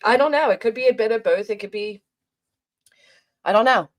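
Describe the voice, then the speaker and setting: A woman's voice: on the high side, fairly quick. A woman hosting a commentary livestream, venting in an exasperated, rambling way with frequent restarts and reading chat aloud. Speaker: commentary channel host.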